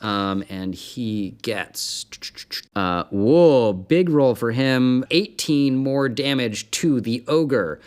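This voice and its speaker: A man's voice: mid-range voice, animated, very slow, clear, resonant tone. A man in the dungeon master role, narrating a tabletop game loosely, with many fillers and laughs.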